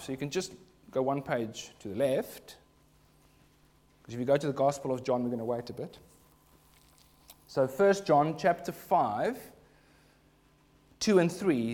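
A male pastor delivering a sermon in a church, earnest and at times forcefully emphatic. His voice sits a little higher than most men's. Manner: earnest preaching, rising to emphatic bursts.

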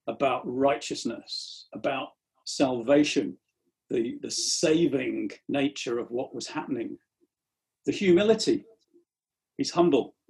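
A man's voice: mid-range voice, darkish tone. A man preaching a sermon in an earnest tone, often repeating the first words of a phrase as he starts it.

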